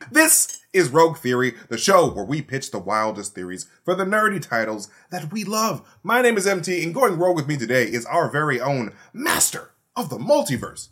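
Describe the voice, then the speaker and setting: A man hosting a casual panel podcast, energetic and playful, pushing his voice up for emphasis. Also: fairly high pitch, normal speed, few pauses, slightly rough, faint music behind. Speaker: show host.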